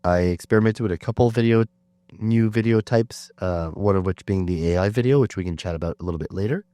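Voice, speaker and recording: A sick man with a very low voice hosts a laid-back podcast chat, rambling comfortably with ums and uhs. The sound is close and dry with no room echo. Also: fast talker. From Canada. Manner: relaxed, chatty, self-deprecating with fillers. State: sick, under the weather. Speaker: podcast host. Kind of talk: casual chat.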